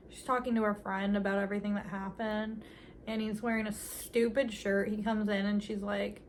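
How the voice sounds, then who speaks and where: A woman's voice: medium pitch, little pitch movement, moderate pace, a little hiss or hum. A young woman casually recapping a movie with sarcastic, giggly commentary, playfully mimicking the characters' lines.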